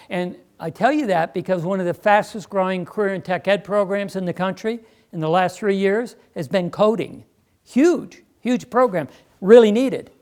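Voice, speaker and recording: A man speaking to a school district meeting, emphatic and persuasive, with quick asides to the audience. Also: high-pitched, a little mellow. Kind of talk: live presentation. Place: meeting room.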